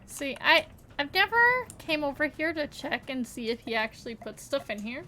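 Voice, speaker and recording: A woman streamer giving casual, halting commentary over her game, self-deprecating with many fillers, at a desk mic. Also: high voice, very animated, sharp tone, a little hiss or hum.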